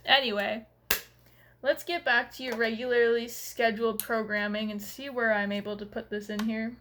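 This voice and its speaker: A woman's voice: fairly high pitch, steady tone, moderate pace, noisy background. A woman chatting through a casual makeup review at home in a rambling way, full of fillers. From Canada. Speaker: beauty vlogger.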